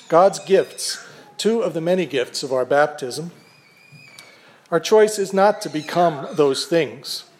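An older man, a pastor, preaching a sermon in a measured, earnest way with gentle humor. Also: on the high side.

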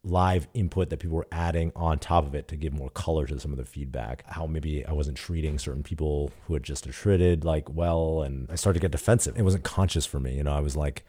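A man with an extremely deep, dark and mellow voice recounts a story in an interview. He talks casually and animatedly, slipping into quoted dialogue and swearing now and then. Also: a little fast, few pauses, breathy edge. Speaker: startup CEO guest.

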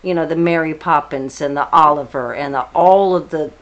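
A woman who is a mother of four and a stage actor, chatting in a lively way about her part. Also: deep voice, normal speed, muffled recording. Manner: lively, laughing. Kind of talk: casual interview chat.

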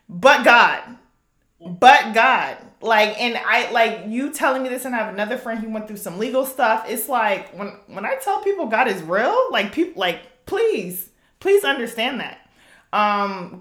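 A woman's voice: fairly high pitch, fairly bright tone, roomy sound. Woman host, emphatic and encouraging. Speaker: podcast host. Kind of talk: faith podcast conversation.

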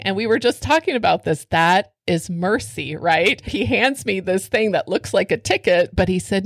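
A woman's voice: medium pitch, normal speed, hardly any pauses, dry recording, studio quality. A middle-aged woman co-hosting a faith podcast, talking earnestly and telling stories with laughs. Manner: earnest, animated storytelling with laughs. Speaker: podcast co-host.

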